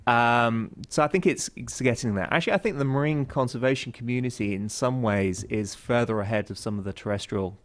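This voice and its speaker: A man's voice: medium pitch, brisk, hardly any pauses. A man answering questions on a panel discussion, hesitant, with many fillers and restarts; he teaches classes. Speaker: university teacher.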